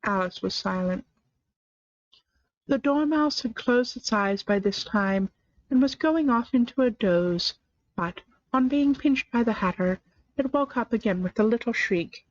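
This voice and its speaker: A woman reads a storybook aloud, expressive and measured, her voice on the higher side. The recording is dry, with no room sound. It is also a bit muffled and lo-fi. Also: dry recording. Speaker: storybook reader. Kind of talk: scripted narration, live reading.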